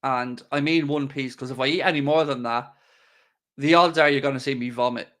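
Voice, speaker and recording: A man's voice: medium pitch, steady tone, fairly quick, a bit bright. A man hosting a live stream, chatting casually and joking as he answers viewers' questions. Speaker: livestream host.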